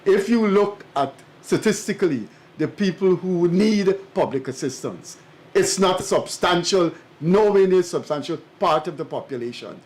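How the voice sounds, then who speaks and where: Measured man, emphatic. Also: sits high, animated, darkish tone. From Guyana. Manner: measured, deliberate, emphatic, speaks as an academic. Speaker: co-host and commentator. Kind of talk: studio talk show commentary.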